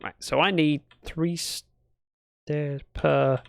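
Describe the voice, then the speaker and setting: A man's voice: on the high side, fairly even intonation, drawn-out words, gravelly, smooth, no echo. A British man chatting casually to his live chat while building in a game, thinking aloud as he goes. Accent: British English. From Britain. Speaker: streamer.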